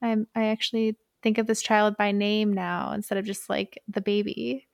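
A woman's voice: mid-range voice, level tone, normal speed, gravelly, darkish tone, no echo, studio quality. A woman co-hosting a casual book podcast, laid-back, with wry asides and frequent agreement. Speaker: podcast co-host.

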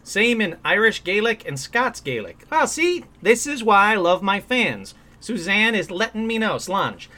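High, lively chatty male host. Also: normal speed, few pauses. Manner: chatty and upbeat, many ums and uhs. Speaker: host of a paranormal call-in show. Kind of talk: casual live-stream chat. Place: indoor room at home.

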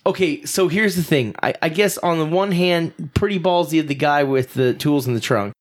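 Male co-host, a touch high, wry musing delivery with casual cussing. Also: moderate pace. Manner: wry, swearing. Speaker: podcast co-host. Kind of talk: casual podcast banter.

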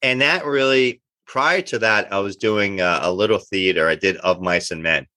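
A middle-aged man, telling animated anecdotes in an interview and acting out the dialogue he quotes. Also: on the low side, moderate pace, no echo. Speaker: actor guest. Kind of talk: casual interview storytelling.

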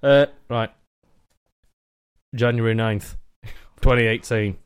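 A man's voice: medium pitch, steady tone, slow pace, clear, resonant tone, no echo, studio quality. A young man co-hosting a podcast, joking crudely and matter-of-factly in casual banter. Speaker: podcast co-host.

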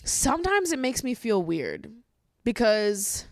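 A woman's voice: on the high side, sing-song, takes it slowly, darkish tone, dry recording, clean studio sound. A young woman hosting a podcast in casual chat, swearing freely and laughing often. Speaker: podcast host.

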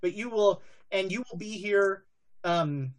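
A woman's voice: mid-range voice, measured pace. A woman narrating a tabletop game as game master, hesitant and full of fillers.

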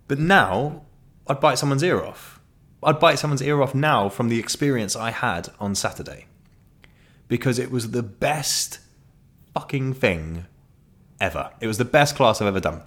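Young bloke ranting casually, lots of swearing, kinda low voice, rambly. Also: male voice, lively intonation, moderate pace, fairly bright tone. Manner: frank, heavy swearing, rambling with restarts. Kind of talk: casual monologue.

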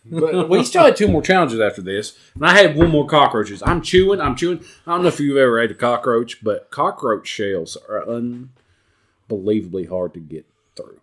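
Man, casual storytelling, lively swooping pitch, profane, animated. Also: normal speed. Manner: animated, profane, jumps into high voices for quotes.

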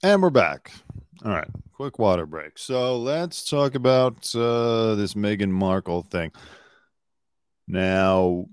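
A man's voice: lowish voice, expressive, takes it slowly, clear, resonant tone, no echo, studio quality. A man hosting a casual live-stream news commentary, talking bluntly and opinionated, swearing freely and rambling with asides. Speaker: host, former entertainment news producer.

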